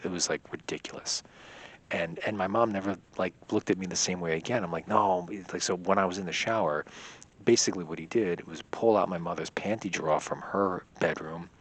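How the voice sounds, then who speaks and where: A man's voice: sits low, husky. A young man telling a rambling personal story in a casual vlog, leaning heavily on filler words. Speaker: vlogger.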